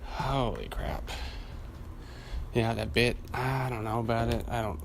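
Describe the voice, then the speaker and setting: A man's voice: medium pitch, flat delivery, a little fast, creaky, slight background noise. A man hosting a podcast alone, rambling casually and cursing freely, laughing at his own stories while hot and sweaty. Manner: profane, rambling, laughs at himself. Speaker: podcast host. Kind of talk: casual solo podcast rant.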